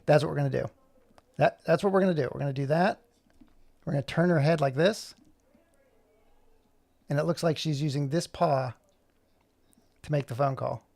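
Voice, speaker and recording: Jokey man in his forties, livestream animator, gravelly voice pitched a bit high. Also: moderate pace, long pauses, a little mellow, no echo. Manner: joking, rambling self-talk while working. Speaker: animator streaming live. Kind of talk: casual livestream chat.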